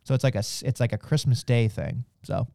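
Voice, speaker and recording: A man co-hosting a podcast in casual chat, excitable and swearing freely as he talks. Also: mid-range voice, brisk, creaky. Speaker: podcast co-host.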